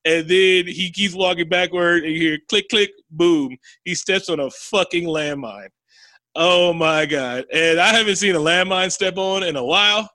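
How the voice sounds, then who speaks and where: In a casual chat, a high-voiced man retells a film scene with lots of energy, acting out the characters' lines, swearing, and laughing often. He talks at a normal speed, and there's no echo.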